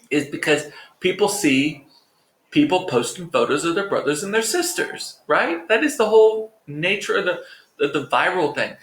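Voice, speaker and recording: A man's voice: a little high, a bit bright. A man hosting his own vlog, chatting casually to viewers with profane, joking, rambling asides. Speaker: vlog host. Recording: roomy echo.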